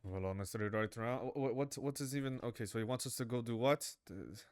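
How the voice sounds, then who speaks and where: A man's voice: medium pitch, fast talker, no room sound, clean studio sound. A man playing a tabletop game, stammering and weary as his character. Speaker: player. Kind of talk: casual tabletop play, in-character lines.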